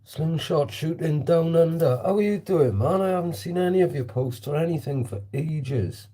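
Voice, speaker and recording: A man's voice: a little high, normal speed, mellow. A man vlogging casually while shooting targets with a slingshot, chatting and answering viewer comments. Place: indoor hallway.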